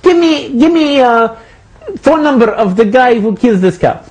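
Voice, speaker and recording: A man doing a demanding, suspicious customer in a comedy sketch, who barks questions and keeps saying brother. The voice sits very high and comes out husky. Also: lively intonation, a little slow, a little mellow, heavily acted. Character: pushy male customer grilling a butcher.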